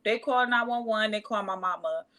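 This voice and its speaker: Woman, thirties, casual storyteller, bright clear voice, acts out quotes. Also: medium pitch, fast. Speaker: guest telling her life story.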